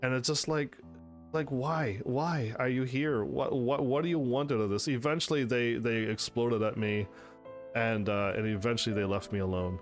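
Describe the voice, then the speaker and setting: A man's voice: medium pitch, moderate pace, faint music behind. A man hosting his own channel, looking back over his old gaming videos in casual, rambling commentary, full of restarts and bursts of laughter. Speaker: channel host.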